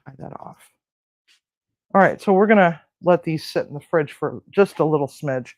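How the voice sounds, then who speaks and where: A man's voice: on the high side, fairly quick, dry recording, rough recording. A man hosting a casual cooking demonstration in a kitchen, rambling with crude jokes and lots of fillers. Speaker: cooking show host. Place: home kitchen.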